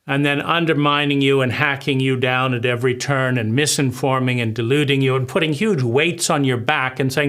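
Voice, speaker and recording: A man's voice: medium pitch, animated, moderate pace, fairly bright tone. A man giving an impassioned lecture on trauma, emphatic and sweeping, piling phrase on phrase. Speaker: trauma speaker.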